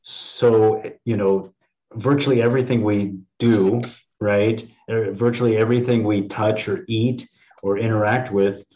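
Low-voiced man musing with fillers. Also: steady tone, measured pace, warm tone, highs cut off. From East Coast of the US. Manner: hesitant, full of fillers, explanatory. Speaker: podcast co-host. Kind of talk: casual podcast chat.

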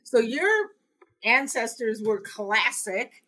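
A woman from the United States co-hosting a podcast, making her points in casual chat, emphatic and opinionated, her pitch swooping up high at times. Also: sing-song, takes it slowly, crowd noise. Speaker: podcast co-host.

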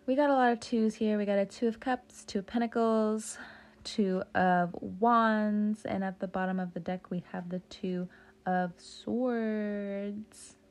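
A woman's voice: medium pitch, steady tone, slow, a little mellow. A young woman giving a casual tarot reading, joking around, swearing freely and drifting off on tangents. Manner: joking, profane, talks off on tangents. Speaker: tarot reader.

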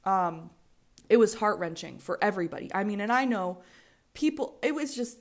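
A woman's voice: mid-range voice, normal speed. A woman in her twenties with an American accent, hosting a solo podcast in a candid, rambling way, swearing freely and often restarting her sentences. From United States. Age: 20s. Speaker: podcast host.

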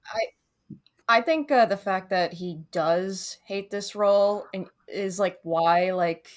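A woman co-hosting a podcast in a relaxed, conversational way, with frequent "like" fillers. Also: medium pitch, slow. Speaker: podcast co-host. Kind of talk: casual podcast chat.

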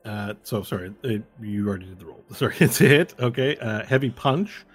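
Husky low-voiced man running a tabletop game. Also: expressive, a little fast, soft background music. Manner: explains rules step by step, with fillers and self-corrections. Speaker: game master.

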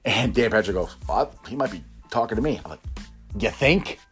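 A man hosting a casual sports talk show, rambling and opinionated as he goes. His pitch swings widely from low grumbles to high bursts. Faint music sits under his voice. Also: expressive, normal speed, a bit bright. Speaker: sports podcast host.

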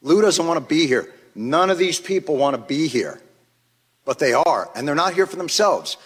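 A man delivers impassioned, angry testimony to a hearing, pressing each point with force. His voice sits a little high for a man. The long reverb of a large chamber trails behind his words. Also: sing-song, normal speed, breathy edge. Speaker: witness testifying at a congressional hearing.

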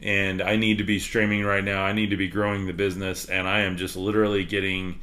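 A man's voice: low voice, little pitch movement, quick pace, pushed and bright. A man with a Texas accent hosting a podcast livestream, chatting candidly and rambling, with plenty of fillers. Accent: Texan. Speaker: podcast host. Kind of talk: casual livestream chat.

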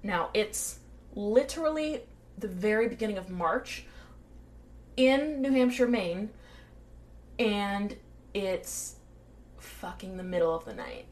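A woman's voice: medium pitch, takes it slowly, long pauses. A woman co-hosting a podcast, telling a true-crime story casually, with swearing and acted-out quotes. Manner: animated, swearing, acts out quotes. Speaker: podcast co-host.

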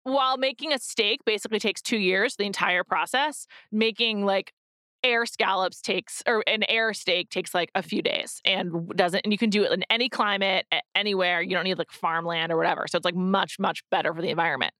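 Bright chatty woman cohost, lots of "like", dry close sound. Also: mid-range voice, brisk, no room sound. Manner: chatty, many "like" fillers and restarts. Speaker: podcast co-host. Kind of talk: casual chat. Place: in New York.

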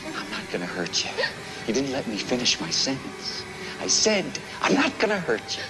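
An actor playing an unhinged, menacing husband who taunts and mocks in singsong threats, heard from a distance in a film clip with music. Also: male voice, medium pitch, wildly swooping pitch, normal speed. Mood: taunting, threatening. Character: unhinged menacing husband, middle-aged man.

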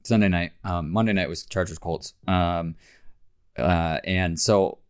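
Low-voiced man hosting a sports podcast. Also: measured pace, clear, resonant tone. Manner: relaxed, many "um" fillers, chatty. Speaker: podcast host. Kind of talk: casual sports podcast chat.

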